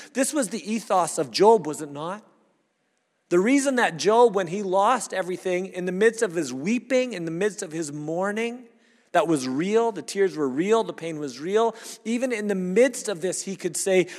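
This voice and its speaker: A male pastor delivers a sermon in an easy, conversational way, circling back over his words as he thinks aloud. His voice sits a little high for a man, and it rings out with a long reverb through the sanctuary. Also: expressive, moderate pace, a little mellow. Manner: earnest, conversational preaching with repeated restarts. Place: church sanctuary.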